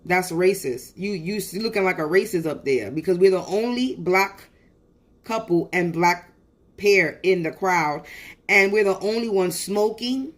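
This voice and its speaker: A woman's voice: lowish voice, a little slow. A woman venting on a phone livestream, telling a story in a heated, profane way with lots of restarts. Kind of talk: venting casual monologue.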